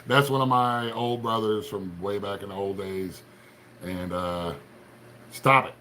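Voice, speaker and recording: A man's voice: on the low side, fairly even intonation, measured pace, pushed and bright, a little hiss or hum. A middle-aged man from Appalachian Ohio with an Appalachian accent, chatting casually on a livestream, folksy and rambling as he greets viewers by name. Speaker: livestream host.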